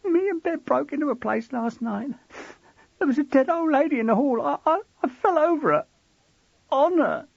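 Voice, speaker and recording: A man's voice: very high voice, animated, unhurried, no echo, highs cut off, pitched above the performer's own voice. A man voicing a frightened, sullen teenage schoolboy who whines and stammers. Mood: tearful. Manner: whiny, panicky, stammering.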